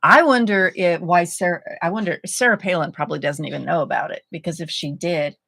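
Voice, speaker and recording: A woman's voice: lowish voice, fairly quick, vocal fry, sharp tone, dry recording. Woman quipping, dry close sound. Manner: wry quips and playful jabs. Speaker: podcast co-host. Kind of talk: casual comedic chat.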